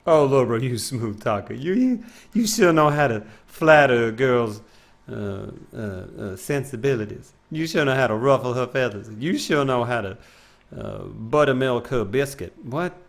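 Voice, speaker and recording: A man's voice: medium pitch, lively intonation, moderate pace, gravelly. A young man streaming a game live, chatting casually with his viewers and rambling, self-mocking, often trailing off into mumbles.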